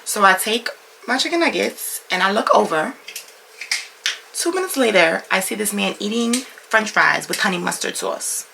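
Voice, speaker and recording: Young female vlogger, casual storytime delivery, creaky edges, noisy recording, animated and profane. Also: medium pitch, moderate pace. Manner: animated, slangy storytelling with lots of swearing.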